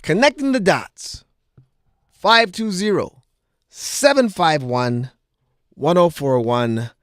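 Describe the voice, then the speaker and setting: Male radio host, lively swinging pitch, animated call-in banter, dry studio sound. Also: slow, dry recording. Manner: animated, exclaiming, repeats the phone number. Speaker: radio talk show host. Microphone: studio microphone.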